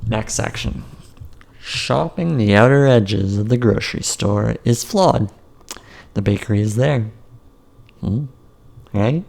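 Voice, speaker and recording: A man's voice: lowish voice, expressive, slow, vocal fry, long pauses, darkish tone. A man narrating his own memoir as an audiobook, casual and joking, with wry asides.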